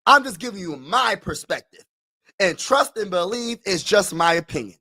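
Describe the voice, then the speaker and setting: A man hosting a casual live stream who talks to his chat in slang, repeats himself, and swings from low mutters to frustrated shouting. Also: expressive, moderate pace.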